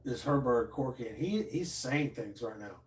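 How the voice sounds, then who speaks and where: A man's voice: medium pitch, lively intonation, normal speed, distant mic. A man, a comedian, in casual live-stream banter in a home studio room, rambling and joking. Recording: echoey room, voice off-mic.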